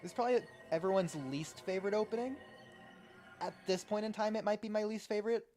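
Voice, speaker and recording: A man's voice: high voice, quick pace, a little mellow, faint music behind. A man co-hosting a reaction stream over a voice call, talking casually, rambling and laughing often. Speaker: podcast co-host. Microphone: remote call mic.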